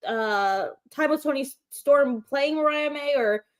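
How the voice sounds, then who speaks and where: A woman co-hosting a live wrestling call-in show, chatting excitedly with lots of fillers and the odd swear. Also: sits high, measured pace. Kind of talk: casual chat. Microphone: livestream microphone.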